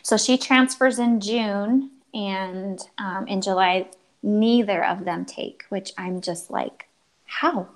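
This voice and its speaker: A woman's voice: medium pitch, fairly even intonation, slow pace, low-quality recording. A woman in her thirties, a guest telling an emotional personal story in earnest, acting out quoted dialogue and often restarting her sentences.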